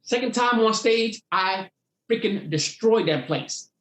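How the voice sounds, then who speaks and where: A man who does stand-up tells his stories with lively acted-out voices. His voice sits high for a man. The room around him rings with echo. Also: a little slow. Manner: animated storyteller acting out voices. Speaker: comedian guest. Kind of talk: storytelling interview.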